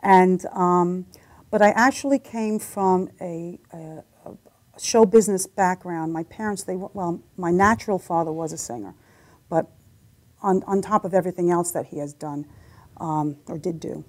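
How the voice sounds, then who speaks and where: Chatty woman telling stories, fairly low. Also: normal speed, darkish tone. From United States. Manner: chatty storyteller, acts out voices in anecdotes. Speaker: singer and guest. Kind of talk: casual interview chat.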